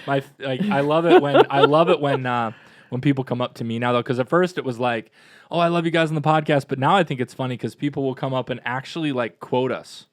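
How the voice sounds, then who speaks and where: A man co-hosting a parish podcast in a casual, chatty and upbeat way, with quick asides. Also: mid-range voice, no echo, clean studio sound. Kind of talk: casual chat.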